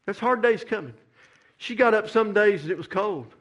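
A man's voice: high voice, lively intonation, normal speed, muffled recording. A middle-aged man preaching a sermon, building to fervent, repeated climaxes. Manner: rising to fervent shouted climaxes, repetitive preaching cadence. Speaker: pastor.

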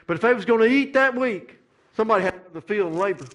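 This middle-aged pastor has a high-pitched voice, lively intonation and a quick pace. He preaches a sermon in a repetitive cadence, building again and again to fervent shouted climaxes.

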